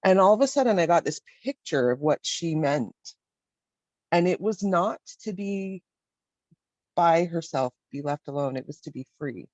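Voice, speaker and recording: A woman sharing an inner experience with a support group, speaking reflectively and hesitantly, often pausing on fillers. Her voice comes through a dry, dull, lo-fi video call. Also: on the low side, animated, darkish tone, no room sound. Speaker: workshop participant.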